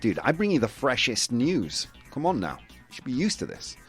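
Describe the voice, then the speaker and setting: A young man from the UK hosts a casual chat show, his pitch bouncing up and down as he talks. He rambles, piling on fillers and restarts, with faint music underneath. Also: wildly swooping pitch, normal speed, husky. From United Kingdom. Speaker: host.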